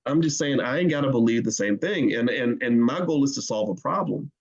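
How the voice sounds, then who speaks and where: A man giving impassioned commentary, emphatic and animated, often repeating words. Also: medium pitch, brisk, highs cut off.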